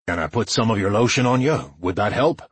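Man voicing a husky, caring young man. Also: fairly low pitch, fairly quick, dry recording. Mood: soothing. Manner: calm, reassuring.

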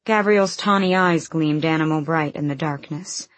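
A woman reading a fantasy novel aloud in an even, measured narration. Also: sits low, no echo. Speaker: audiobook narrator.

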